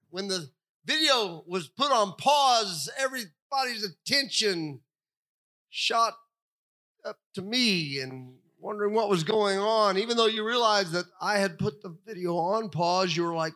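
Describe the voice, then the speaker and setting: An older man preaching a sermon, animated and storytelling, acting out the voices he quotes. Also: high-pitched, measured pace. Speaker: pastor.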